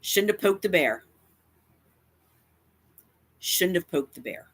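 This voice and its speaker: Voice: mid-range voice, lively intonation, slow pace, a bit bright, slightly rough. A YouTuber speaking straight to camera in a confrontational rant, defiant and emphatic, often repeating lines for effect. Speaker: cat advocacy YouTuber.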